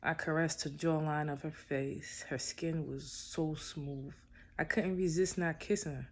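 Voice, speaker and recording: A man's voice: on the high side, steady tone, unhurried, a little hiss or hum. Laid-back young man telling a love story. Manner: laid-back, peppered with "you know". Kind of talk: casual spoken love story.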